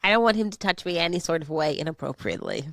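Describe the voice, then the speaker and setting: A woman's voice: fairly low pitch, expressive, very fast, fairly bright tone, no echo, studio quality. A woman co-hosting a podcast, talking candidly and expressively, often laughing through hard subjects. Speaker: podcast co-host. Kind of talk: casual podcast chat.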